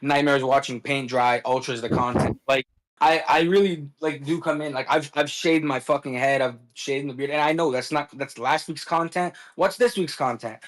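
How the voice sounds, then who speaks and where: A man co-hosting a livestream from home, defending himself in halting, restarting speech. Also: mid-range voice, fairly bright tone, rough recording. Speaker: co-host. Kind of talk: defensive casual chat.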